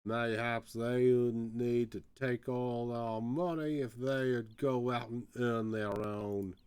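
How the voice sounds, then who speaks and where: A man's voice: medium pitch, steady tone, takes it slowly, darkish tone, clean tone, dry recording, close to an everyday voice. A man voicing a bitter old male sailor locked in a cell, grumbling in a put-on with archaic speech.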